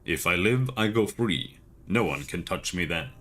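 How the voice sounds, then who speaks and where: A man's voice: deep voice, animated, measured pace, fairly bright tone, a little hiss or hum. A man reading aloud the lines of a grief-stricken young man who is pleading and sobbing as he relives his sister's death. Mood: defiant. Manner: sobbing, pleading, rising to cries.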